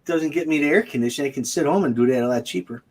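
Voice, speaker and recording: A man co-hosting a casual comedy chat show, rambling in a deadpan way. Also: mid-range voice, very fast. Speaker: co-host.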